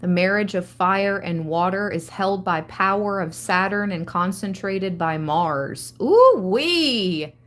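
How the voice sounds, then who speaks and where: A woman hosting a live-stream tarot reading, reading card meanings aloud and breaking into excited asides. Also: lowish voice. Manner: slow, reads card text then riffs excitedly. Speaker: tarot reader.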